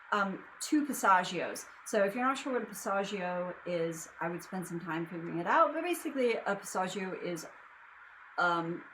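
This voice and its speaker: A woman's voice: medium pitch, a bit bright, slight background noise, low-quality recording. A young adult woman teaching singing in a casual lesson, explaining in a loose, chatty way with lots of fillers. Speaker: vocal coach.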